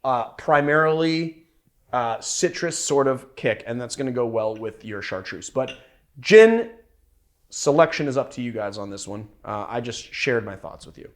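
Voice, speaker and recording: A young bartender hosts a casual cocktail-making show, rambling playfully and using lots of fillers. His medium-pitched voice is animated and moves at a normal speed.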